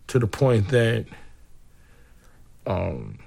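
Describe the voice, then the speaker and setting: A man speaks slowly and reflectively in a documentary interview. His voice is husky with a gravelly edge, and his pitch moves a lot as he searches for words. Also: big pitch swings. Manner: slow, searching, many pauses and restarts.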